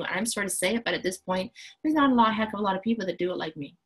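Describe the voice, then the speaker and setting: An empowerment coach who founded a coaching school explains her programs in a promotional talk, enthusiastic, self-assured, and chatty. Her mid-range voice is expressive and quick with a breathy edge, on a low-quality recording.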